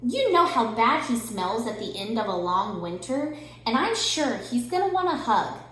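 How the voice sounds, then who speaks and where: A woman's voice: on the high side, sing-song, moderate pace, a bit bright. A woman voicing a cranky bunny in a storybook reading, grumbling and complaining. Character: grumbling bunny who loves winter. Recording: very echoey room.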